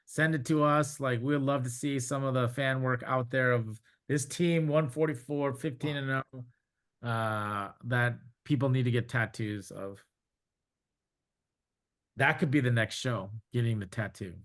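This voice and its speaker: A man on a casual sports podcast, speaking haltingly and restarting his phrases. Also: medium pitch, a bit bright. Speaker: podcast co-host.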